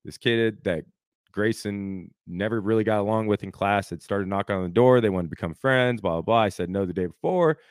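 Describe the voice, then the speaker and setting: A man's voice: on the low side, brisk, clear, resonant tone, no echo, clean studio sound. A man in his thirties, a podcast co-host, telling a story in casual chat and acting out the quotes, saying "dude" a lot.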